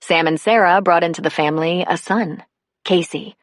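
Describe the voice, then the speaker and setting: A woman narrating an audiobook in a steady, unhurried reading. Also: on the low side, no room sound, studio quality. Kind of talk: scripted narration.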